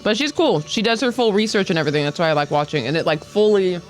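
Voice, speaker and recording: A man's voice: high voice, quick pace, soft background music. A man co-hosting a podcast, chatting casually, rambling with lots of fillers. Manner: rambling, filler-heavy, animated when retelling. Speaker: podcast co-host. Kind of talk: casual chat.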